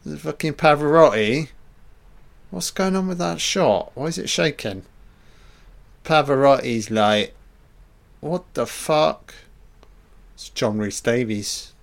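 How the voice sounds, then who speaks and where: A man's voice: mid-range voice, animated, a little slow, vocal fry. A man giving a casual, profane and sarcastic commentary over a film. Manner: profane, sarcastic riffing on the scenes.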